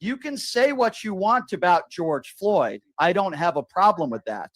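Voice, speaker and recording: A man's voice: high-pitched, expressive, normal speed, a bit bright, no echo. A man hosting a call-in show, arguing hotly with a caller, repeating his questions and talking over him. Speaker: show host. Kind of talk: heated political call-in argument.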